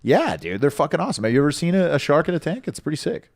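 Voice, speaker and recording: A man co-hosting a podcast, telling stories in an animated, profane, casual way. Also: fairly high pitch, rapid-fire, gravelly, no room sound, clean studio sound. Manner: animated, swearing storyteller. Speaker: podcast co-host.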